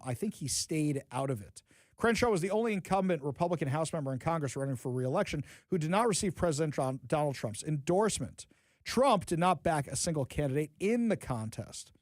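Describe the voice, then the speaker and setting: A male talk radio host with a fairly high voice that swings widely in pitch as he works through the news. He reads out items and then needles them with sarcastic, mocking comments. The sound is close and dry, with no room echo. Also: big pitch swings, fairly quick.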